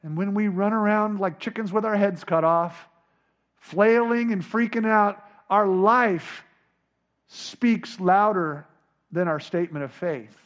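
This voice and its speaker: A man preaching a sermon, dropping to a hush and then rising to near shouts as he acts out scripture. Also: high voice, takes it slowly, dull audio. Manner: dramatic, swinging from hushed to shouting. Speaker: pastor.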